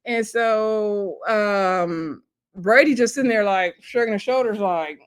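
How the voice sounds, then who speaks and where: A woman's voice: mid-range voice, slow, clean tone. Chatty woman recapping a TV episode. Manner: chatty, laughing storyteller who acts out quotes. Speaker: TV show reviewer.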